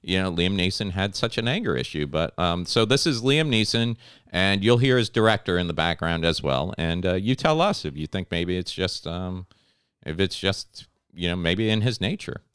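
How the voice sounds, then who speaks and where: A man hosting a comedy podcast, introducing a bit with halting fillers. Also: low-pitched, lively intonation, a bit bright, smooth, no room sound, clean studio sound. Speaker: podcast host.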